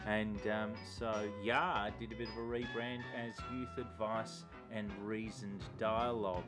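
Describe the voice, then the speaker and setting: An Australian man hosting a comic year-in-review vlog, talking in a sardonic, profane, deadpan way. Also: lowish voice, unhurried, music in the background. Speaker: activist vlogger and host.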